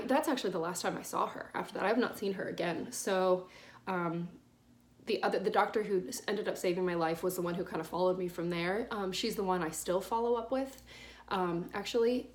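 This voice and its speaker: Woman, young adult, casual storytime vlog, rambling, many restarts. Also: lowish voice. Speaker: vlogger.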